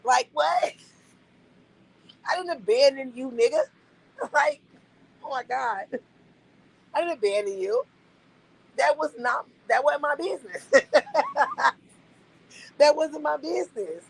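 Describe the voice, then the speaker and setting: A woman's voice: sits high, big pitch swings, moderate pace, gravelly, long pauses, poor audio. A young adult woman streaming live, venting bluntly and incredulously to her chat, repeating her points for emphasis.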